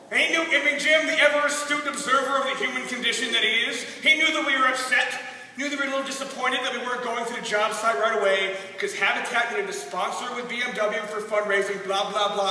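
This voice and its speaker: Young male youth speaker, high and bright, animated and comic, heard from far off in an echoing hall. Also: fast, a little hiss or hum. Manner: animated, shouting punchlines, self-mocking. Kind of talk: energetic comic youth talk. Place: large hall. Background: teen audience.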